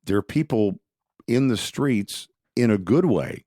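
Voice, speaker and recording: A deep, low-pitched man chatting casually on a podcast. He is opinionated and conversational, and he often stops to restart a phrase. The sound is dry and close. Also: big pitch swings, a little slow, dark tone, dry recording. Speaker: podcast co-host. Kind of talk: casual political talk.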